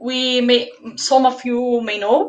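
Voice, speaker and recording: A Brazilian woman speaking English with a Brazilian Portuguese accent, consciously slowing down, earnest and outspoken as an interview guest on a video call. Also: a little high, steady tone, rough recording. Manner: earnest, outspoken, deliberately slowed speech. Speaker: guest teacher. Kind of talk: casual interview talk.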